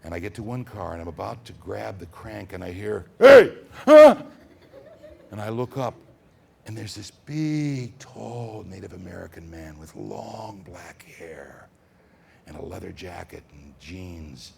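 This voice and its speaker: A man telling stories to children at a school, dramatic and animated, swinging from whispers to booms. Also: measured pace, creaky, slight background noise. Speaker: storyteller. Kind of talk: storytelling to children.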